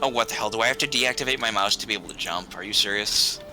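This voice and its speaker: A man in casual, rambling gaming chat with friends, quick to joke. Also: on the low side, music in the background. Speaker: gamer streaming with friends.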